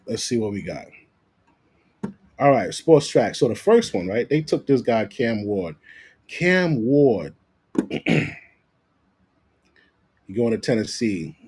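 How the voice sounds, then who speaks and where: Husky man, lively sports vlog rant, swears a lot, circles back on phrases. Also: medium pitch. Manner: animated, profane, repeats himself. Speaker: sports commentator vlogger. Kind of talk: casual ranting commentary.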